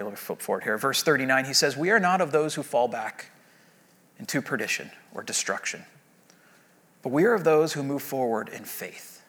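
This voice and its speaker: A man's voice: medium pitch, pushed and bright. A man preaching a conversational sermon in a church, acting out short prayers and God's replies, then leading a closing prayer. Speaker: guest preacher. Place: church sanctuary.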